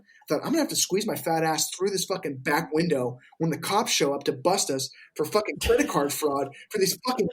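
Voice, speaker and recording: Man, guest on a casual podcast, a touch high-pitched, swears freely, animated yarn-spinner who plays every part. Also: slightly rough. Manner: profane, animated storyteller, acts out quotes. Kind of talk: casual storytelling chat.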